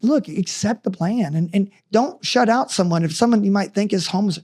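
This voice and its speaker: A man's voice: sits high, a little fast, darkish tone. A middle-aged man, a justice of the peace, telling his life story on a podcast in an earnest, preachy way. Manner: earnest, preachy, urgent encouragement. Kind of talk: casual storytelling in a podcast interview.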